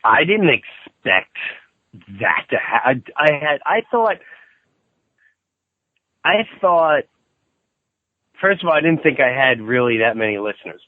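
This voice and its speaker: A man calling in as a guest, telling a story in an animated way and acting out what people said. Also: measured pace, pauses often, no echo. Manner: excitable, acts out quotes in shrill outbursts. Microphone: phone call. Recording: tinny dry phone line.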